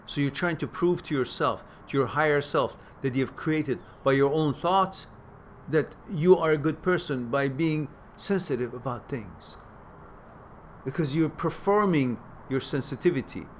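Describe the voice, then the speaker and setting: A man hosting a question-and-answer stream, giving casual spoken advice that turns animated as he stresses points and repeats words. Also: fairly high pitch, unhurried, slight background noise. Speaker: host answering viewer questions.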